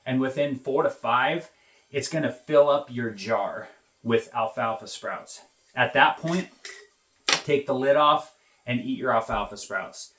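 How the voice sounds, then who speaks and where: A man's voice: mid-range voice, fairly bright tone, reverberant. A man vlogging about off-grid life, explaining things to the camera in a plainspoken, easygoing way with many "uh" fillers. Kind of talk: casual how-to explanation to camera.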